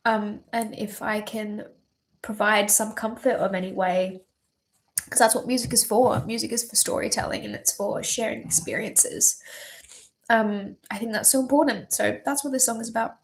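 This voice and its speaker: A woman's voice: fairly high pitch, steady tone, moderate pace. A young woman, a singer-songwriter on a livestream, talking candidly and tearfully with lots of swearing and ums. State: teary, voice wavering. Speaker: singer-songwriter streaming live. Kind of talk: emotional livestream chat.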